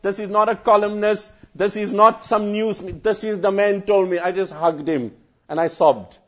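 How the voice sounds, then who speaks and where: A man's voice: high-pitched, steady tone, moderate pace, a bit bright, lo-fi sound. A man, a Muslim cleric, earnestly recounting what he saw first-hand, repeating phrases for weight and sometimes breaking into chanted recitation. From South Africa.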